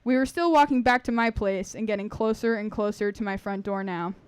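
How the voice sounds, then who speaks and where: A woman's voice: medium pitch, a little fast, smooth, no room sound. A woman reading a personal story aloud to a live audience, wry and earnest.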